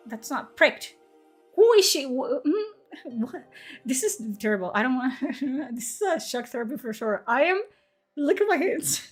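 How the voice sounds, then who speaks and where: A woman reads her own story aloud on a livestream, stopping often to chat, laugh at herself and swear. Her voice sits a little high, and faint music plays underneath. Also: fairly bright tone. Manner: swears freely, laughs at herself, chatty asides. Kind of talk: story reading with casual asides.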